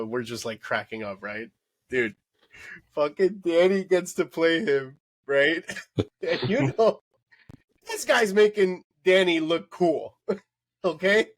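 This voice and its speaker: A man hosting a casual late-night podcast, telling an animated story with lots of swearing and laughter. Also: on the high side, a little slow, pauses often. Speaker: podcast host.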